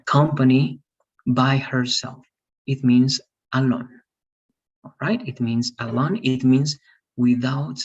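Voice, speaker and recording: In an online English grammar class, a man with a mid-range, slightly husky voice explains things patiently and repeats his points. He keeps checking with "all right?" to see if his students follow, and the call audio is a bit muffled.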